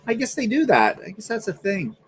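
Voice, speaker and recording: Animated, lively-voiced Canadian man. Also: high-pitched, moderate pace, slight background noise. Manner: animated storyteller, acts out quoted voices. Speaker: livestream host. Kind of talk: casual chat.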